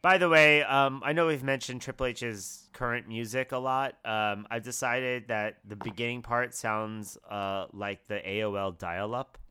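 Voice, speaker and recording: Smooth, bright-voiced man joking. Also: medium pitch, fairly even intonation, unhurried, few pauses, no room sound. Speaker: podcast co-host. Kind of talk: casual podcast chat.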